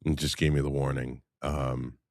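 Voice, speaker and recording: Extremely low and creaky, this livestream host's voice stays flat at a moderate pace as he chats with viewers and rambles through profane, loose stories. The streaming microphone gives clean studio sound without any room echo.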